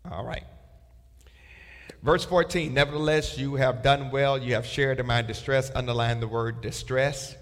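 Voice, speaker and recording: A man's voice: medium pitch, steady tone, normal speed, a bit bright, long reverb tail. A man leading a Bible study, reading verses aloud and telling listeners what to underline and circle. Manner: reads scripture aloud with marking instructions. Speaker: pastor.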